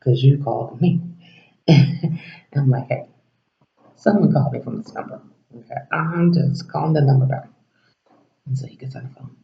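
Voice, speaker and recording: Speaking at a normal pace with vocal fry and long pauses, a medium-pitched vlogger casually rambles through a personal story to camera. He voices other people's lines and drops to a whisper now and then. The roomy lo-fi recording sounds dull, with slight background noise.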